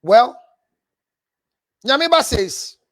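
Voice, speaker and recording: A man's voice: very high-pitched, very animated, very slow, a bit bright. A man with a Ghanaian accent, a counselor hosting a livestream, animatedly scolding while reading viewer messages aloud. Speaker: counselor and show host.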